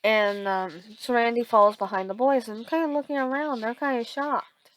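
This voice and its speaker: A woman improvising a fan fiction story aloud, halting with many restarts and fillers. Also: on the high side, steady tone, low-quality recording.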